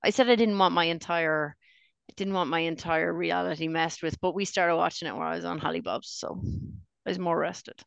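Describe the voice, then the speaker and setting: A middle-aged Australian woman co-hosting a podcast in casual chat, full of jokey quick asides. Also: lowish voice, steady tone, vocal fry, smooth, no echo. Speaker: podcast co-host.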